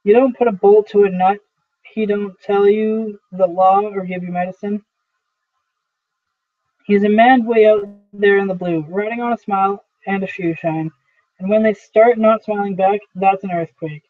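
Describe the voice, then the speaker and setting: A man's voice: sits high, steady tone, normal speed, natural voice. A man reading the part of a blunt older male neighbor who speaks earnestly and with emphasis. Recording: tinny phone-like audio.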